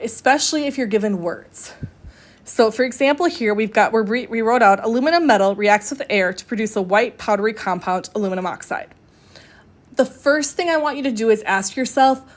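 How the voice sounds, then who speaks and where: A woman with a slightly high voice gives a recorded chemistry lecture. She explains each step in a conversational tone and often corrects herself as she goes. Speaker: chemistry instructor.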